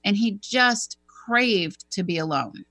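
Bright-voiced woman telling a story. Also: medium pitch, slow, no room sound. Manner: animated storyteller, acts out quoted dialogue. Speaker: co-host. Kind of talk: conversational storytelling.

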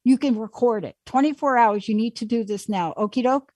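A woman hosting a call-in radio show, her voice pitched a little high and sounding dry and close to the studio mic. She talks emphatically and pushes her caller along with a coaxing insistence. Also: fairly quick, darkish tone, dry recording. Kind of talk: casual call-in coaching.

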